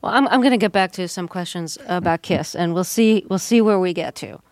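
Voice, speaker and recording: A woman hosting a radio interview in a studio, asking questions in a calm, measured way. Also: fairly low pitch, no room sound.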